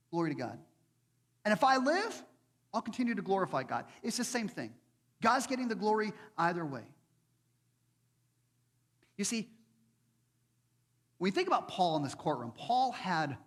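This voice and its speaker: A male pastor preaching a sermon, animated, acting out the people in his story. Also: sits high. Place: church hall. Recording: long hall reverb.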